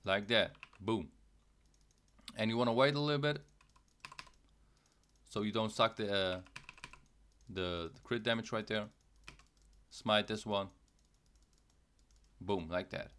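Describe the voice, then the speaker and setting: A man's voice: lowish voice, slow, long pauses, a bit bright, a little hiss or hum. A young man hosting a casual game tutorial, repeating himself, checking in with "okay" and "guys", and now and then making playful mouth sound effects. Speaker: gaming channel host.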